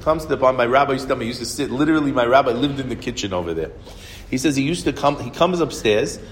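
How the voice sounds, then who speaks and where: A man telling a story as a Torah lesson to a small group, lively and often restarting his phrases. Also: mid-range voice, very fast. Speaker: Torah teacher. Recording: reverberant room with faint noise.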